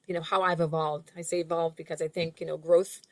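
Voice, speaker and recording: A woman guest on an interview podcast, a money and life coach, speaking in an earnest, measured way. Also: sits low, little pitch movement, dry recording. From outside the US. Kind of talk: reflective interview answers.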